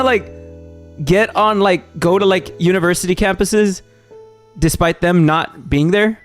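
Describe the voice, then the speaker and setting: Young man, from Texas, live streamer, casual chat, lots of fillers, slightly high voice. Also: measured pace, faint music behind. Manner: rambling, heavy on fillers and restarts.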